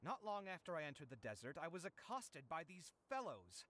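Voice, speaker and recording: A frazzled, broke young architect. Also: male voice, a little high, very animated, fairly quick, fairly bright tone. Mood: exasperated. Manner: exasperated, sighing, self-pitying. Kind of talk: game voice acting.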